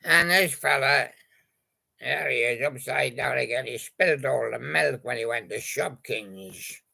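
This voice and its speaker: A man casually narrating an improvised toy story, rambling and hesitant with many pauses. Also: mid-range voice, creaky, sharp tone.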